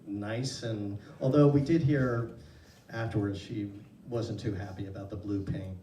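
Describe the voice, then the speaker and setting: A man's voice: lowish voice, steady tone, measured pace, mellow, recorded from a distance, slight background noise. A man recalling stories from a film shoot at a live screening Q&A, in a conversational, dry way. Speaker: actor guest. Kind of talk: casual panel Q&A. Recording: echoey venue audio from afar.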